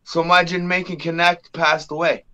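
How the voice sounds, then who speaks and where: Bright-voiced man, profane chat. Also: a little high, flat delivery, normal speed, highs cut off. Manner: profane, repetitive interjections. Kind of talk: casual chat.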